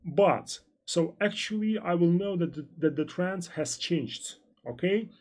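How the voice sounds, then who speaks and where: A man with a Russian accent leads a live online trading lesson in a slightly high, gravelly voice with a husky edge. He talks in halting, looping sentences full of fillers. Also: expressive, a little mellow. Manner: halting, repetitive, many fillers. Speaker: trading instructor. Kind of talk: live-stream lesson answering chat questions.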